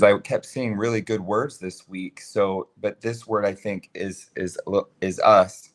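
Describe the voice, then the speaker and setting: Man, young adult, lowish pitch, relaxed, casual chat co-host. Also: measured pace, few pauses. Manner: easygoing, laughs often.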